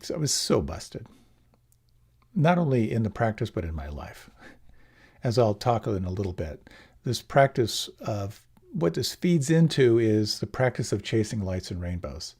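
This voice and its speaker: A middle-aged man gives a dharma talk in a low voice with a gravelly edge. He speaks gently and without hurry. He often circles back and restarts a phrase. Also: big pitch swings. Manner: gentle, unhurried, with many restarts. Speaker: meditation teacher.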